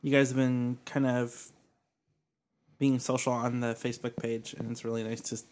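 A man's voice: medium pitch, level tone, moderate pace, a little mellow. A man co-hosting a podcast in casual chat, upbeat as he thanks listeners. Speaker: podcast co-host.

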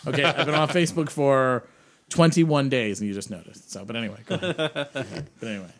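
A man's voice: medium pitch, fairly quick. A man co-hosting a podcast in casual chat, tossing in sarcastic quips. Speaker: podcast co-host.

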